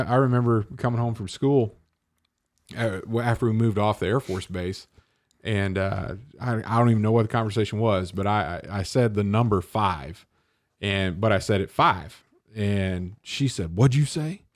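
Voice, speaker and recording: A man with a Southern accent, a podcast co-host telling lively stories in casual chat, often laughing. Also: on the low side, normal speed. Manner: animated storyteller, acts out quotes, laughs often.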